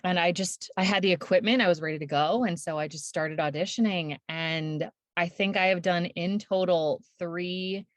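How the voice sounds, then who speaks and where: A woman audiobook narrator speaks in a fairly low voice, recorded close and dry with no room sound. She chats easily and laughs often as she talks about her work. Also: normal speed, few pauses, no echo. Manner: laughs often, chatty and relaxed. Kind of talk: casual interview chat.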